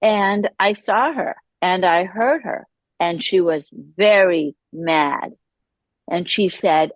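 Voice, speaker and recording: A woman, a podcast guest, telling her personal recovery story in an animated way, acting out the voices she quotes. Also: fairly low pitch, slow, no room sound, lo-fi sound.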